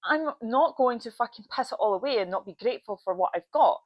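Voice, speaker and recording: A woman's voice: a little high, lively intonation, fairly quick, no echo, muffled recording. A woman in her thirties hosting her own podcast, talking bluntly and swearing freely as she lists things to be grateful for and urges listeners to change their lives. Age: 30s. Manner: blunt, swears freely, repeats phrases for emphasis. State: tearful, voice breaking with emotion. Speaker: podcast host. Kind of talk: motivational solo podcast.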